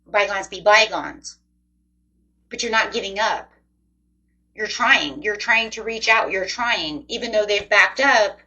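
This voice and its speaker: A woman's voice: mid-range voice, unhurried, pushed and bright, lo-fi sound. A woman doing a casual tarot reading, talking straight to her viewers in a chatty, emotive way. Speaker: tarot reader.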